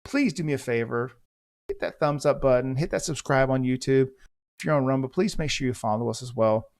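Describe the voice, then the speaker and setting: This middle-aged man from the U.S., a podcast host and former police officer, has a medium-pitched, slightly mellow voice and a brisk pace. He tells a story in monologue form, bluntly and intensely, swearing as he goes.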